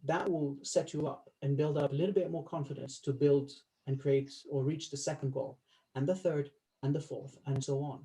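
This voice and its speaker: A man runs a coaching session for a small group, and his voice sits slightly high. He is instructive and unhurried when he stresses a point, and he laughs easily between his points. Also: steady tone, warm tone, low-quality recording. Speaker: life coach.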